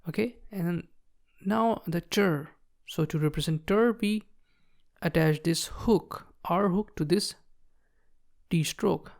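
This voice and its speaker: Female tutor, lowish voice, patient walkthrough narration of writing strokes. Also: gravelly, a little mellow. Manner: patient, explains while writing, frequent "okay, so see". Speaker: shorthand teacher. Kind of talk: step-by-step tutorial.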